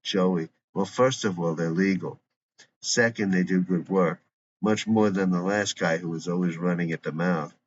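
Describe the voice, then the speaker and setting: Gruff suspicious dad, read by a man, very deep, dull recording. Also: moderate pace, lightly acted. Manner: gruff, blunt. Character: suspicious grumbling father, middle-aged man. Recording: dull lo-fi recording with faint hiss.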